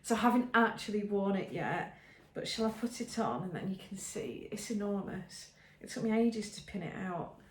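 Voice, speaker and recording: A woman's voice: mid-range voice, animated, normal speed, few pauses. An English woman hosting a podcast, chatting casually and enthusiastically with many ums and restarts. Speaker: podcast host showing knitting. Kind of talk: casual show-and-tell chat. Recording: roomy echo.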